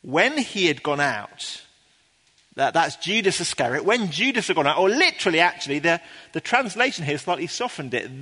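A man preaching a sermon to a congregation in an earnest, explaining way, sometimes pausing with ums and restarting his sentences. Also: on the high side, big pitch swings, pushed and bright, breathy edge, in a large hall. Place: church before a congregation.

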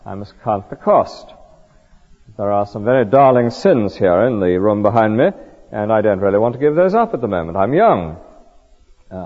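Preacher putting on a low mumbly young guy making excuses, dull echoey recording. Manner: dismissive, over-cautious excuses. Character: reluctant young man dithering at a burning window.

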